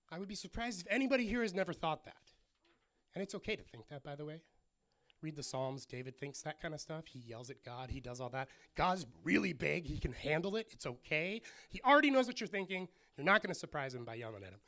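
A man with a high voice preaches to his congregation. He tells the story in an animated way and slips into the voices of the people in it as he goes. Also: quick pace. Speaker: pastor. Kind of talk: sermon.

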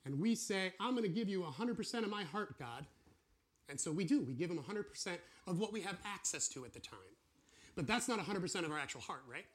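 Male preacher, casual teaching tone, voice sitting a little high, very expressive delivery that acts out little dialogues. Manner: animated, acts out voices of God and believers. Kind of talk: casual teaching sermon with drawings.

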